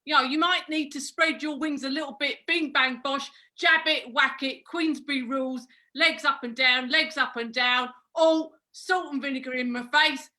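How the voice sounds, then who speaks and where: A woman's voice: sits high, moderate pace, few pauses, pushed and bright. A woman voicing a blind male boxing coach, improvising comedy over a video call and barking boxing patter. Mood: brash. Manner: barks boxing patter and count-downs, calls everyone mate. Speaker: improv performer.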